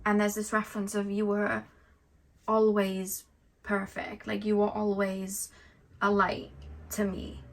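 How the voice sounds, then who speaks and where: A woman's voice: mid-range voice, completely flat delivery, unhurried, pauses often, fairly bright tone. A woman doing an intuitive tarot reading for her viewers, earnest and openly emotional, rambling with lots of "like" and "um". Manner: rambling, heavy on "like" and "um". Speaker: tarot card reader.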